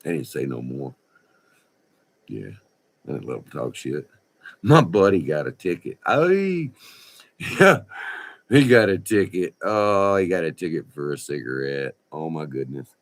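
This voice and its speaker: A man, telling a rambling, profane story in a folksy, animated way. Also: very deep voice, normal speed. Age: 60s. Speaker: vlogger. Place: indoors by a window.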